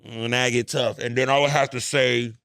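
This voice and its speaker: A man hosting a podcast, telling stories in an animated, profane way. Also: mid-range voice, moderate pace, no echo, clean studio sound. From United States. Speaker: podcast host. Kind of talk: casual podcast chat.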